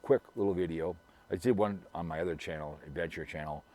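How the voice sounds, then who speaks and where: A man's voice: deep voice, fast talker, a little mellow. A middle-aged man from Minnesota talking to his viewers in a rambling, gossipy way, full of restarts and repeated words. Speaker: vlogger. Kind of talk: casual rambling monologue.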